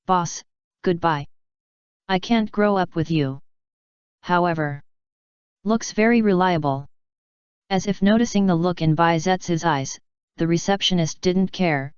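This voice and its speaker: A woman narrating a fan fiction audiobook in a steady, even reading. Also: lowish voice, smooth, dry recording, highs cut off.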